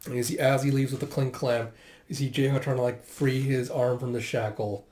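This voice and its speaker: A man's voice: medium pitch, fairly even intonation, moderate pace, darkish tone, reverberant. Casual man reading a comic aloud. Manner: casual, filler-heavy retelling. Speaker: comic readthrough host.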